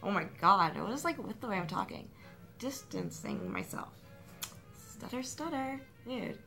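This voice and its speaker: A woman's voice: on the high side, big pitch swings, fairly quick, pushed and bright. A young woman talking to her camera at home in a rambling, self-mocking vlog, full of fillers and restarts. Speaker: vlogger. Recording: music playing in the room.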